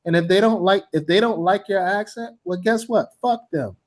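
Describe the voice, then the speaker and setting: A man lectures on language teaching in a slightly high voice. His delivery is blunt and informal. He repeats his main points for emphasis. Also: normal speed. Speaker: TESOL instructor.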